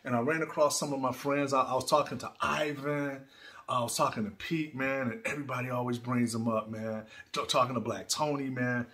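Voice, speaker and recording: A man's voice: medium pitch, fairly even intonation, fairly quick, fairly bright tone. A man hosting his own video channel, talking casually from his studio in a heartfelt, rambling way and repeating words as he goes. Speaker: channel host. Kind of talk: casual vlog talk.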